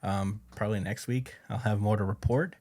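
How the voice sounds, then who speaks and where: A man's voice: lowish voice, steady tone, normal speed, warm tone. A man hosting a podcast, casually recapping a manga chapter in a loose, profane way and chuckling as he goes. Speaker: podcast host.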